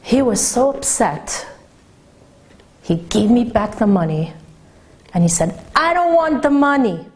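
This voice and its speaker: A woman rabbanit, telling a story in a Torah talk and acting out the voices of its people. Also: a little slow. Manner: animated storyteller, acting out quoted voices with big pitch jumps.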